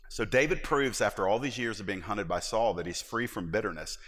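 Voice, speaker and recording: A deep-voiced man preaches in a church sanctuary, and his words ring out through the large hall. He keeps it conversational and animated, making jokes with the congregation and slipping into excited, high character voices. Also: fairly quick. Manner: animated, jumps into high voices acting out David; conversational, joking asides to the congregation. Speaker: pastor. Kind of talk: sermon. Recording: long reverb of a large hall.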